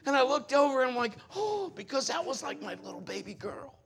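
A male pastor preaching a sermon, telling animated stories and acting out quoted voices. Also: extremely high pitch, fast talker, creaky, husky.

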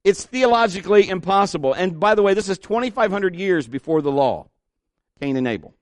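A man's voice: sits high, expressive, fairly quick, dry recording. Emphatic folksy preacher, a man. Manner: folksy, emphatic, repeats key words. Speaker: pastor. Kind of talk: sermon.

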